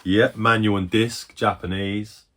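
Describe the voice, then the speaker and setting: Man, 40s, low husky voice, rambling casual collector chat with excited bursts and swearing. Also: unhurried. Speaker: retro game collector.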